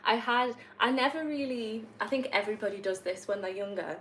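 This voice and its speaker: A woman's voice: a little high, steady tone, brisk, fairly bright tone, rough recording. A young woman from North East England with a Northumbrian accent, chatting casually and rambling while she plays a game and answers viewer questions. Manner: chatty, rambling, laughs often. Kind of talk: casual chat while gaming.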